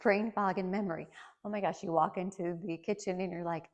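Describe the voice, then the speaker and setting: A woman's voice: on the low side, fairly even intonation, brisk. A woman around fifty talking casually, sharing her own experiences and tips with a light laugh now and then. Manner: chatty, laughs lightly between points; shares personal experiences with listeners. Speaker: vlogger. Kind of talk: casual chat.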